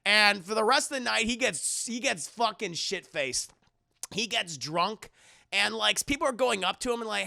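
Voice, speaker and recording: A man's voice: sits high, animated, moderate pace, vocal fry, sharp tone, no echo. A man reviewing a film live for his chat in a casual, profane, rambling recap.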